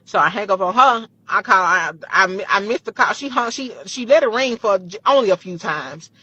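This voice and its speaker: A woman vlogger casually retelling a personal story, animated and full of profanity. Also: medium pitch, normal speed, slightly rough, no echo, muffled recording.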